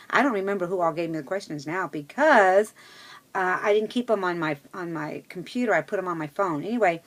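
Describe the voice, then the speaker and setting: A middle-aged woman talking to her viewers in a casual personal vlog, chatty and rambling, with many fillers and restarts. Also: mid-range voice. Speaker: vlogger.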